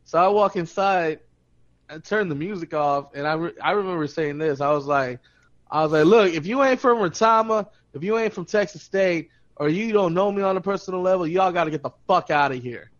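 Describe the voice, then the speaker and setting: Young man, profane storyteller, fairly high voice, dull lo-fi audio. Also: a little fast. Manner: profane, laughing, animated retelling with quoted voices. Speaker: podcast co-host. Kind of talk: casual storytelling chat.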